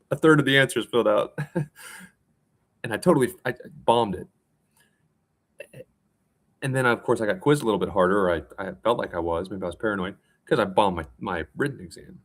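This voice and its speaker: Low-voiced rambling man. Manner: rambling, self-mocking, with frequent restarts and laughs. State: tired. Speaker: vlogger. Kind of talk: casual rambling monologue.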